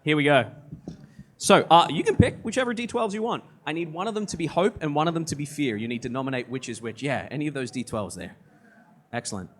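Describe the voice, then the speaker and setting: A man's voice: a little high, expressive, fast talker, a crowd in the background. A man serving as game master at a live tabletop game on a convention stage, explaining dice rules.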